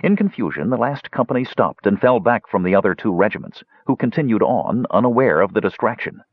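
Male narrator, low husky voice, lively storyteller, dry muffled recording. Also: a little fast, dry recording. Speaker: audiobook narrator. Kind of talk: scripted narration.

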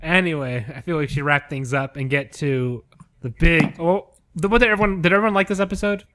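A man's voice: on the high side, a little fast, pushed and bright. A man co-hosting a casual podcast, laughing often and making crude jokes. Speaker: podcast co-host. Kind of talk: casual chat.

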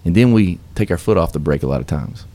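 A man's voice: low voice, expressive, fast talker, warm tone. A man guest on a radio show, telling his success story with earnest, upbeat, preacher-like emphasis. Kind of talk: motivational storytelling in a radio interview.

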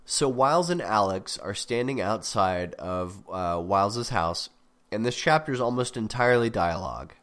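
A man's voice: fairly low pitch, lively intonation, moderate pace, fairly bright tone. A man hosting a podcast, rambling through a casual critique of a story with wry asides, his voice sounding a little sick. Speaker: podcast host critiquing fiction.

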